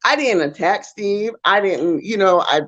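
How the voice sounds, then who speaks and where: A woman co-hosting a talk show, telling a story in a casual, animated way and acting out the voices. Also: mid-range voice, a little slow, dry recording, muffled recording. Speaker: co-host.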